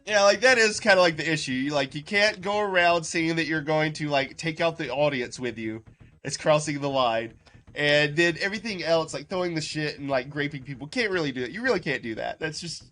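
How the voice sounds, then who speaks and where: A male livestream host with a fairly high voice reacts to a clip in loose, casual commentary. He rambles, leans on "like" constantly and breaks into quick laughs. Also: lively intonation, sharp tone. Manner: rambling, heavy use of "like", laughs often, greets chat.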